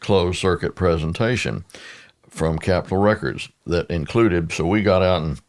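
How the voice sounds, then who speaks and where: A man's voice: low voice, moderate pace. An older man, a podcast guest, telling stories in a rambling conversational way with many restarts. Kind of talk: conversational storytelling. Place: radio studio.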